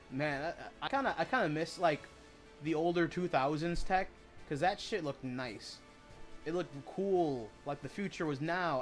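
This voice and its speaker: A man chatting casually while he streams a video game, rambling and swearing as he retells stories. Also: on the high side.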